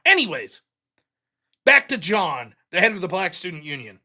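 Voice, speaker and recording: A man's voice: sits high, sing-song, moderate pace, sharp tone. A man hosting a live stream, telling a long, rambling anecdote in casual, profane chat full of fillers. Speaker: host of a live streaming show. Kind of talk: casual storytelling monologue.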